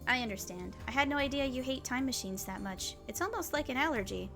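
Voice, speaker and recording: A woman's voice: sits high, animated, quick pace, music in the background. A woman voicing a theatrical young male mad scientist in a visual novel. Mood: grandiose. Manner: theatrical, grandiose. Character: eccentric self-styled mad scientist, young man.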